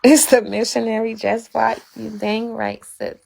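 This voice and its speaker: A woman's voice: fairly high pitch, level tone, unhurried, vocal fry, darkish tone. A woman fervently sharing a religious testimony, preaching and repeating phrases for emphasis. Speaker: guest.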